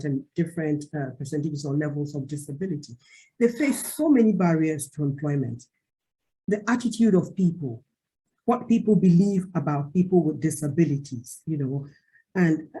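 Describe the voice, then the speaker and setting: Emphatic woman with a mellow voice. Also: deep voice, slightly rough, low-quality recording. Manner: emphatic, persuasive. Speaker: panelist. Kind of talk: panel discussion.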